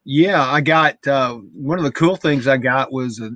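A man in casual chat, retelling what happened in an animated way with repeated words. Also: mid-range voice, moderate pace, dry recording, highs cut off. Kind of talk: casual storytelling.

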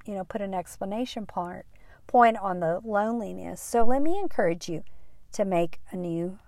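A middle-aged woman hosting a podcast, speaking gently and earnestly with soft, breathy trail-offs. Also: mid-range voice, animated, normal speed, no room sound. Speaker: podcast host. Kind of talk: encouraging podcast talk with prayer.

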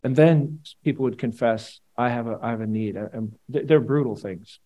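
A man preaching a sermon to his congregation, conversational and animated, with playful asides. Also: mid-range voice, normal speed, poor audio. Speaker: pastor.

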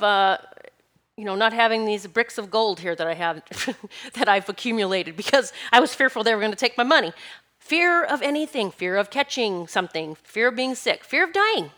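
A woman's voice: fairly high pitch, animated, normal speed, sharp tone. A middle-aged woman giving an earnest, encouraging spiritual talk with emphatic, repeated phrases. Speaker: spiritual teacher.

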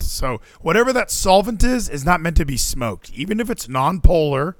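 A man's voice: a little high, moderate pace, hardly any pauses, dry recording. A man hosting a podcast, chatting casually and jokingly in a rambling way. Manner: rambling, animated, jokey. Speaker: podcast host.

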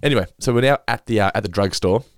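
Fast-talking Australian man, dry mic. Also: on the low side, smooth, dry recording. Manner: rambling, acts out quotes, swears freely. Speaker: podcast host. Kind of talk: casual chat recapping a sitcom episode.

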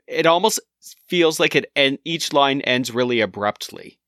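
Casting: male podcast co-host, mid pitch, dry close mic, excited chatty delivery. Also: measured pace, dry recording. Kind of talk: casual music podcast chat.

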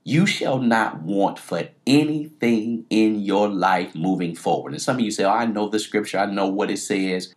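A man's voice: on the low side, lively intonation, normal speed. A man preaching a sermon, emphatic, repeating key phrases and sometimes dropping to a near-whisper.

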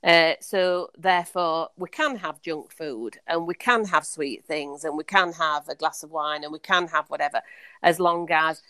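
A woman's voice: low-pitched, moderate pace, bright, forceful tone, no room sound, studio quality. A woman co-hosting a podcast, talking in a thoughtful, questioning way with many restarts. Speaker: podcast co-host. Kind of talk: casual chat.

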